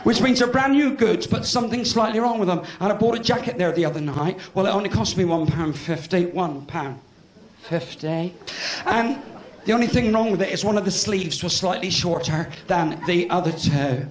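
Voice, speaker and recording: A man's voice: high-pitched, moderate pace. A man with a West Country accent doing cheeky live stand-up in a cabaret club, bantering with the audience. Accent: West Country English. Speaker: stand-up comedian. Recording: echoey club with loud crowd and noise.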